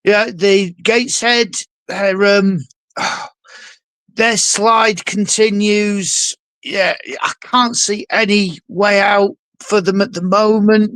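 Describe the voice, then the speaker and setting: A man with a notably high voice chats about football on a podcast, exuberant and jokey with theatrical asides. His voice is recorded dry and close, with no room sound. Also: fairly bright tone, dry recording. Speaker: podcast co-host. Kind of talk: casual football podcast chat.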